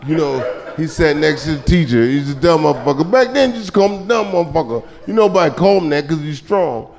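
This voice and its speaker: Male stand-up comedian with a slightly high, gravelly voice, doing live club material over crowd laughter with shouted punchlines. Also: lively intonation, fast talker. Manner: profane, loose storytelling with sudden shouted punchlines. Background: audience laughter.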